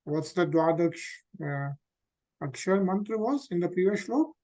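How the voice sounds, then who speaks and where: A man leads a scripture study over an online call, reading verses and then explaining them. His voice sits a bit high for a man, and he keeps asking the group questions and filling gaps with "uh". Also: lively intonation, measured pace, a little mellow. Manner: explanatory, asks the group questions, many fillers.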